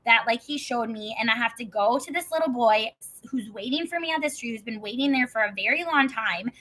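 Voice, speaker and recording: High, bright-voiced woman telling a story. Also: fairly quick, low-quality recording. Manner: rambling, heavy use of "like", swearing. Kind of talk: casual storytelling.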